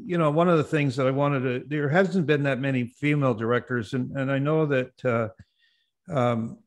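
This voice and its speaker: Male host, casual interview, halting delivery with fillers. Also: medium pitch. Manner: halting, many fillers and restarts.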